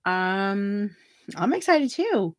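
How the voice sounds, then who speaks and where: A woman's voice: medium pitch, big pitch swings, drawn-out words, no echo, studio quality. Giggly woman hosting a tarot livestream. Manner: giggly, reads viewer comments aloud, chatty and affectionate. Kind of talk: casual livestream chat.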